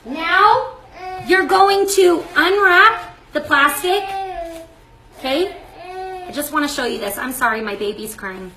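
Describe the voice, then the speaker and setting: A woman's voice: sits high, expressive, measured pace, long pauses, noisy background. A woman hosting a live cooking demonstration from her home kitchen, chatty and effusive, often breaking off mid-sentence. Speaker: cooking show host. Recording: echoey kitchen. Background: baby crying.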